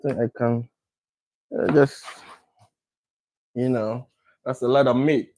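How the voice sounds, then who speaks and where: Slow, repetitive man cooking. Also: medium pitch, steady tone, dark tone, low-quality recording. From Ghana. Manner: repetitive, unhurried, talks while working. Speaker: cooking vlogger. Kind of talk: casual cooking talk.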